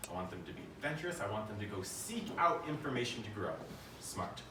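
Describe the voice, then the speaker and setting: A man's voice: on the low side, big pitch swings, quick pace, distant mic, noisy background. Man giving a keynote in an echoey room. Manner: conversational, asks the audience questions. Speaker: keynote speaker. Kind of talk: live keynote talk.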